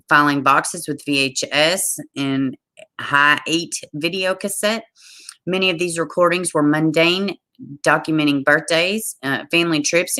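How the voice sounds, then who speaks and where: A woman's voice: low voice, sharp tone. A tired woman with a Southern US accent hosting a true crime livestream, reading a case aloud and breaking off to greet viewers.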